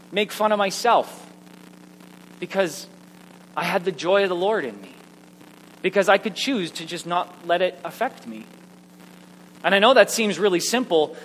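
Man, pastor, sermon, animated storyteller, echoey hall, faint hum. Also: fairly high pitch. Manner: storytelling, animated and self-mocking. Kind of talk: sermon with personal stories.

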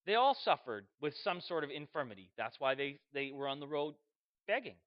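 Lively, high-voiced male preacher. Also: fairly quick, highs cut off. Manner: animated storytelling, acts out voices and shouts. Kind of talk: sermon.

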